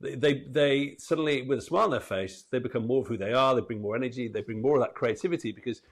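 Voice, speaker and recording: A man's voice: mid-range voice, quick pace. A man hosting an interview podcast, asking his guest questions and chatting in a friendly, encouraging way. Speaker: podcast host. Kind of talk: casual interview chat.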